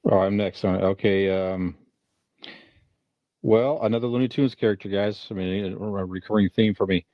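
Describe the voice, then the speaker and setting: A man with a very low voice on a podcast, rambling fondly about childhood memories. His mic sounds dull and lo-fi, dry with no room. He wanders and fills with "you know". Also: fairly even intonation, normal speed, dry recording. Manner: rambling, nostalgic, many fillers. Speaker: podcast co-host. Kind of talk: casual podcast chat.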